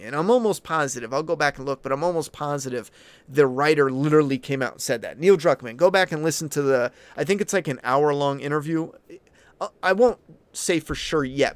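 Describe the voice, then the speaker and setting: Guy ranting to his chat, swears a lot, smooth clean voice, dry sound. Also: mid-range voice, no echo. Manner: blunt, heavy swearing, ranting. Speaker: channel host. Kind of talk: casual opinion commentary, answering viewer chat.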